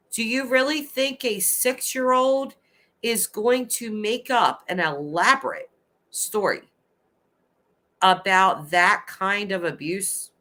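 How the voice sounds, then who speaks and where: A woman's voice: medium pitch, bright, forceful tone. A woman in her thirties hosting a casual livestream, reading chat aloud and ranting with passion, swearing now and then. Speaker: livestream host.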